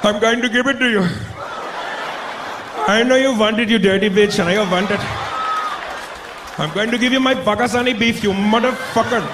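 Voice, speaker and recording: A man playing a loud, pushy man with an Indian accent, shouting high. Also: moderate pace, long pauses, roomy sound, background noise, lightly acted. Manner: shouting, pleading. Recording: live club with crowd laughter.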